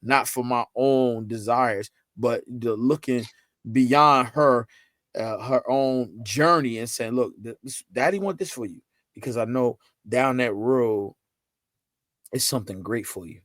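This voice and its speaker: A man as a podcast guest, talking about fatherhood in a loose, animated, emphatic way, full of repeats and "you know what I'm saying.". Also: mid-range voice, measured pace, no room sound. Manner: animated, emphatic storytelling with lots of repetition. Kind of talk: casual conversational interview.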